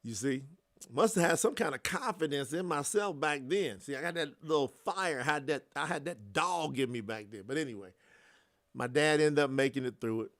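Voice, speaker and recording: A man in his thirties from the US South with a Southern accent, hosting a livestream and chatting with his viewers in an animated way. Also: on the high side, moderate pace. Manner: animated, laughing, talks to the chat. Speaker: life coach, livestream host. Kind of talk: casual livestream chat.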